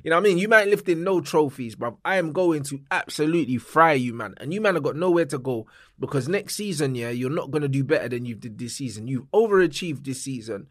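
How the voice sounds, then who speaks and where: A man's voice: a little high, expressive, fast, fairly bright tone, no room sound, clean studio sound. A young man trading blunt, mocking football banter on a podcast. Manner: blunt, mocking, slang-heavy. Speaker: podcast co-host.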